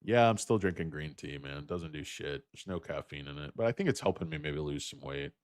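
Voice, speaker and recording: A man's voice: rumbling low, fairly quick, no echo. A man in his fifties hosting a stock livestream, rambling and joking off on tangents; he sounds tired and as if he is losing his voice. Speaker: host.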